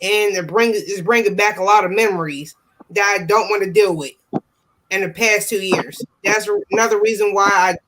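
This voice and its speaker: A man's voice: sits high, fairly even intonation, normal speed, a bit bright, poor audio. A man in casual chat on a stream panel, emotional and close to tears, repeating himself.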